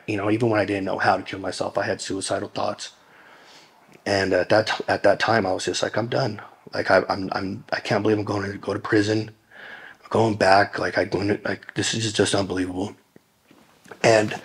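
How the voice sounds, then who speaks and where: A man recounts his personal testimony in an interview, his voice sitting a little low. He speaks earnestly and with emotion, circling back on himself with fillers and restarts as he talks. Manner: rambling, full of fillers and restarts.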